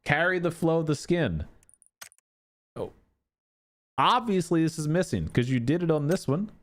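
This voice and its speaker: A man giving casual commentary on game cosmetics, with an animated, exasperated, swearing manner. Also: on the high side, moderate pace. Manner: animated, exasperated ranting with profanity. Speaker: gaming content creator.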